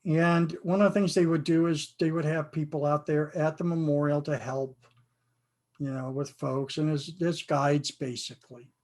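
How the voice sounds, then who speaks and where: A man's voice: on the high side, fairly even intonation, normal speed, a little mellow. An older American man, a game author, giving an earnest, reflective interview and often repeating himself. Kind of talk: conversational interview.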